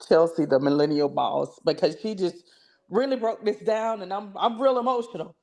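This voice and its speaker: A woman's voice: lowish voice, normal speed, gravelly, darkish tone. A woman hosting an online meeting, giving fervent, churchy remarks and calling her audience y'all over a video call. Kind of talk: emotional closing remarks to a group.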